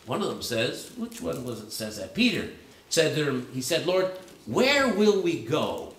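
Male pastor with a high voice in an echoing church. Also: big pitch swings, a little slow. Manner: conversational, searching, frequent restarts and fillers. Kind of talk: sermon. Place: church sanctuary. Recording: echoey church room.

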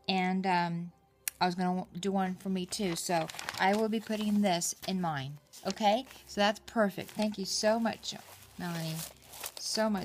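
A middle-aged woman vlogger opening a craft gift package at home, gushing with excitement and gasping over each item. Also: medium pitch, slight background noise. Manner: gushing, excited, gasps often. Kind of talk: casual unboxing chat.

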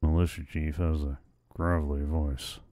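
A man hosting a let's-play, talking through a video game casually in a relaxed, wry manner and thinking aloud. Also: extremely low pitch, normal speed, no echo, clean studio sound. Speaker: gaming let's-play host. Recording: voice over game audio with faint music.

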